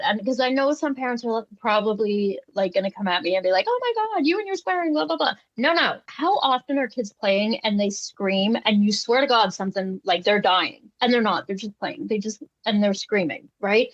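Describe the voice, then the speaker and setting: A woman's voice: mid-range voice, normal speed, hardly any pauses, dry recording. A woman hosting a podcast who gives blunt opinions in casual talk and swears freely. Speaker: podcast host. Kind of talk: casual chat. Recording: dry, slightly dull mic sound.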